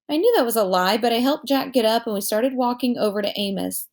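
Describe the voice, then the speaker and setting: A woman reading a children's novel aloud as narrator, telling it in a lively way and giving each character a voice. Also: fairly high pitch, fast, hardly any pauses.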